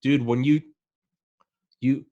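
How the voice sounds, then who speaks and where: A man in casual chat, talking excitedly and rambling with lots of fillers. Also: mid-range voice, slow pace, no echo, dull audio.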